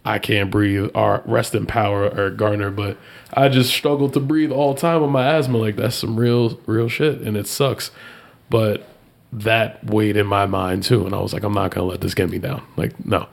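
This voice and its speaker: Man, low gravelly voice, animated storyteller, casual chat. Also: normal speed. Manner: animated, jumps high when quoting people.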